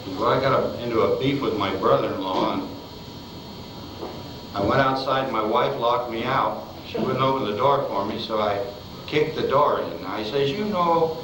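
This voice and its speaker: A man's voice: medium pitch, moderate pace. Older man telling chuckling anecdotes, echoey. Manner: chuckling, rambling storyteller with restarts. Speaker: film director recalling old Westerns. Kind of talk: anecdotal storytelling in an interview. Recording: echoey room, far mic, background noise.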